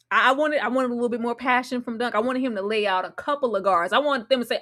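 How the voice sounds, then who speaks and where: A woman guest on a live episode discussion, talking in an animated, dramatic way with slangy asides. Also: a little high, fast, hardly any pauses. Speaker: guest co-host.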